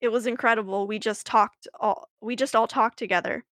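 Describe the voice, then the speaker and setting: A woman's voice: on the high side, steady tone, fairly quick, a bit bright, no echo, studio quality. A woman co-hosting a podcast, telling a story in a chatty, laughing way with many fillers and restarts. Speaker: podcast co-host. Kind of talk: casual chat, storytelling.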